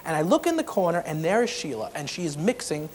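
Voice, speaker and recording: Animated man telling a funny story. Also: a little high, quick pace, a little hiss or hum. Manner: animated, acts out the people in his story. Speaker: motivational speaker. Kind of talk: humorous storytelling keynote.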